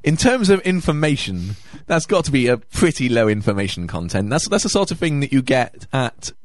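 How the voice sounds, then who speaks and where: A man co-hosts a relaxed comedic chat, breaking in with dry asides and restarting his sentences. His voice is mid-pitched, and the recording is dry and close. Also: a little fast, no room sound. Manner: wry, interjecting, stumbling restarts. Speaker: podcast co-host.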